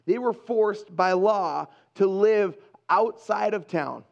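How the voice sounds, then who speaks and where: A man pastor preaching a sermon in an earnest, conversational way, with pauses for emphasis. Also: high-pitched, vocal fry, highs cut off.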